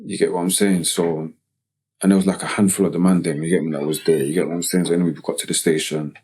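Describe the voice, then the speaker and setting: A man from Tottenham with a North London accent, telling a personal story as a podcast guest in slangy, halting speech full of "you get me" tags. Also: deep voice, little pitch movement, mellow, slightly rough. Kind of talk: casual storytelling interview.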